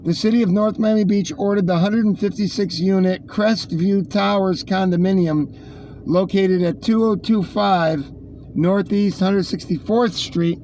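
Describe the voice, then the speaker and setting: A man's voice: high-pitched, steady tone, measured pace, a little mellow, a little hiss or hum. A man hosting a casual news rundown, rambling with sarcastic asides. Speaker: host reading the news.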